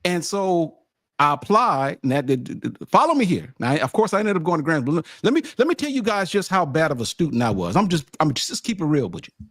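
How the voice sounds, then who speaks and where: A man from California telling a story in casual podcast chat, animated and emphatic, insisting he is not making it up. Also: fairly high pitch, brisk, dry recording, clean studio sound. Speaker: sports podcast roundtable co-host.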